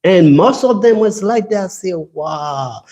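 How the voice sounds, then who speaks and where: French-accented male class speaker, mellow, halting English, repeats words. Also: high-pitched. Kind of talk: scripture class talk.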